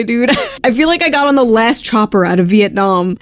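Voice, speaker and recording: A woman giving sarcastic reaction commentary, reading dating messages aloud in a deadpan, mocking way. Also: mid-range voice, moderate pace, no room sound.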